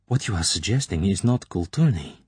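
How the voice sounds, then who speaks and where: A man's voice: low voice, animated, brisk, a little mellow, breathy edge, no room sound, exaggerated voice. A man voicing a teasing, shy young Russian woman with a slight Russian accent, in an audiobook reading. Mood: coy teasing. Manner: coy, playful, prim.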